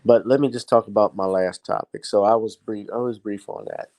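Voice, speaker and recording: A man's voice: fairly low pitch, steady tone, a little fast, a little mellow, low-quality recording. A man hosting a late-night live stream, giving rambling, opinionated commentary and sounding tired. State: tired, yawning.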